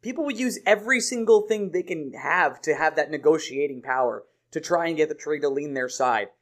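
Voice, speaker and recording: A man's voice: a little high, expressive, fairly quick. A young man co-hosting a sports podcast in casual chat, joking and laughing through the banter. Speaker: podcast co-host.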